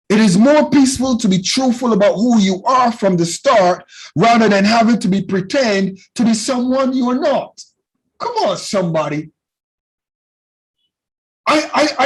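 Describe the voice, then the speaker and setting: A man teaching a youth class in a loud, passionate preaching style, often calling out to his listeners. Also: extremely high pitch, husky, low-quality recording. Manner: loud and passionate, with call-and-response phrases.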